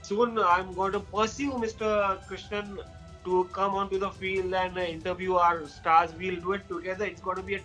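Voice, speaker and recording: A man with an Indian accent co-hosting a casual cricket chat, excitable and laughing, slipping into Hindi. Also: high voice, normal speed, soft background music, rough recording. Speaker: co-host.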